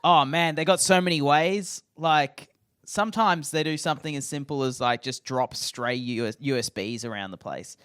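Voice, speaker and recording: Smooth-voiced man, rambling jokes. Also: a little high, normal speed, fairly bright tone, dry recording, clean studio sound. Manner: rambling, playful storytelling. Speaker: podcast co-host. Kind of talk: casual comedic chat.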